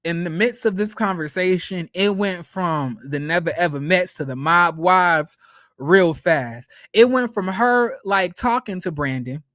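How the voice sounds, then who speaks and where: A man recapping a reality show in a casual commentary vlog, talking to viewers as y'all in an animated, profane way. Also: high voice, unhurried, no room sound, clean studio sound.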